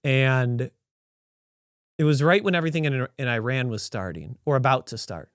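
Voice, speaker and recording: A man hosting a podcast who tells a story in a casual, animated, rambling way and often corrects himself mid-sentence. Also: medium pitch, moderate pace, smooth, no echo, clean studio sound. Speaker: podcast host.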